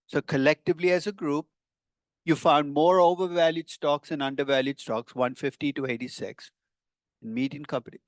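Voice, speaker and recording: A man's voice: on the high side, steady tone, moderate pace, no room sound. An older man, a professor giving a conversational classroom lecture with wry, teasing asides to his students.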